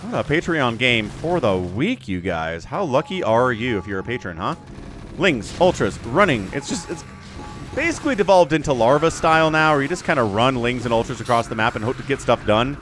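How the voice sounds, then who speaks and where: A man's voice: mid-range voice, big pitch swings, a little fast, a bit bright. A man casting a strategy video game alone, play-by-play commentary full of joking asides. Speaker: esports shoutcaster. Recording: faint background music.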